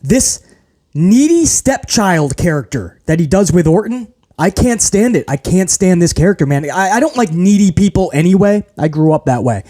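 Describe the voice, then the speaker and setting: A man hosting his own wrestling review show, ranting in a casual, profane, animated way and mocking what he saw with quick impressions. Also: sits high. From grew up in housing projects.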